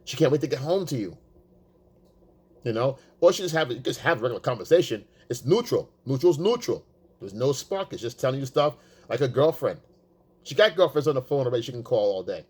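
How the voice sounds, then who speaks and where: A man giving casual, profane dating advice, emphatic and blunt, acting out quotes in a high voice. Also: big pitch swings, a little fast, a little mellow, breathy edge. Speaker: dating coach. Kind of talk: casual coaching monologue.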